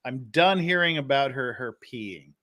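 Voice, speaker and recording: A man's voice: medium pitch, animated, measured pace, bright, forceful tone, no room sound, studio quality. A man hosting a livestream reaction show, talking in a casual, rambling and self-deprecating way with some cursing. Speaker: livestream host.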